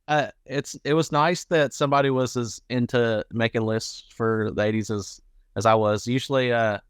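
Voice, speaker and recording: A man hosting a casual podcast chat, relaxed and laughing often, with many fillers. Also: medium pitch, normal speed, smooth, no room sound, studio quality. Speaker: podcast host.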